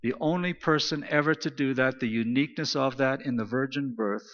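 A pastor preaches a sermon in a large hall, his mid-range voice brisk and a bit bright. He is emphatic, repeating phrases for stress in a preaching cadence. The audio is dull.

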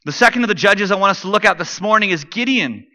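Bright-voiced pastor preaching. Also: male voice, sits high, lively intonation, quick pace. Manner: conversational, with joking asides. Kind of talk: sermon.

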